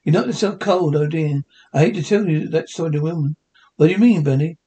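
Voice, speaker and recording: A meek, friendly little cave neighbor from a cartoon, eager to help, as a man puts him on. His voice runs high and light. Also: brisk, dark tone, lightly acted. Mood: worried. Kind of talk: cartoon voice recreation.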